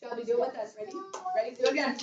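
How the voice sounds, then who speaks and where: A woman's voice: fairly high pitch, fairly even intonation, very fast, loud music behind the voice. A woman kindergarten teacher leading a call-and-response lesson, drawing out sounds and prompting children in a sing-song way. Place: school classroom, indoors. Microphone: far camera in the room. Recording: echoey, muffled, noisy room recording from far off.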